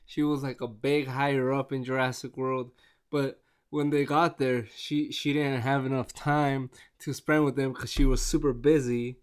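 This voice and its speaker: A man chatting casually on camera in a rambling, excitable way, with many restarts. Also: mid-range voice, normal speed, smooth. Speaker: vlogger reviewing a movie. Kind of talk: casual chat.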